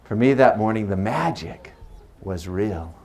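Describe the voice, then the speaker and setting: A man's voice: fairly low pitch, expressive, measured pace, noisy background. A man in his forties performing as a magician. He uses a stage microphone and mixes playful stories with teasing banter with his audience. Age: 40s. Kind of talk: live stage patter with storytelling.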